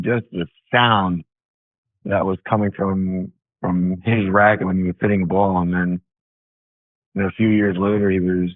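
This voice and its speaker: A man's voice: low-pitched, no room sound. A man who is a tennis coach, a podcast guest reminiscing and hedging with "like" and "I mean" in casual chat, heard over a remote call. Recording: tinny phone-like remote call line.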